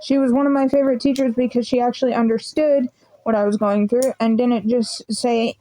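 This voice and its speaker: A woman's voice: on the high side, brisk, rough recording. A young woman rambling through a casual storytime vlog, swearing freely as she tells it. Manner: swearing, rambling, animated retelling. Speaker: vlogger.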